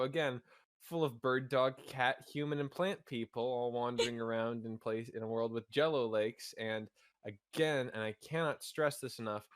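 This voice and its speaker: A man's voice: mid-range voice, dry recording, studio quality. A young man co-hosting a podcast, talking earnestly and analytically in casual chat, often restarting his sentences. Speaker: podcast co-host.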